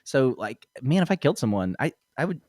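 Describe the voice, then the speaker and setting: A man's voice: medium pitch, very animated, fairly quick, a little mellow. A man hosting a comedy podcast, talking in a rambling way with many fillers and frequent laughs. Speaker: podcast host. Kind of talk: casual comedy podcast chat.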